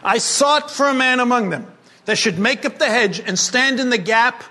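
A man preaching a sermon to a congregation, animated and humorous, moving between emphatic and hushed delivery. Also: very high voice, normal speed. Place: congregation gathering.

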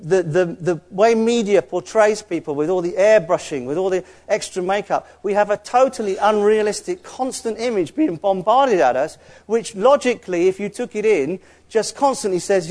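A man's voice: high voice, lively intonation, moderate pace, a little mellow. A man preaching a sermon in an earnest, conversational way, with asides to the congregation.

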